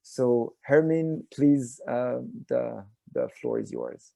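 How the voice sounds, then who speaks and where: A man moderating an online panel on a video call. He pauses often and fills the gaps with many "uh" and "um" sounds. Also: medium pitch, huge pitch swings, gravelly, mellow, no room sound. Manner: hesitant, many filler sounds.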